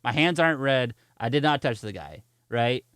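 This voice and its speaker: A man's voice: medium pitch, animated, moderate pace, fairly bright tone, clear, resonant tone, dry recording, clean studio sound. A man streaming games, chatting casually and telling a story with lots of laughter while answering viewer chat. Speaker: gaming streamer.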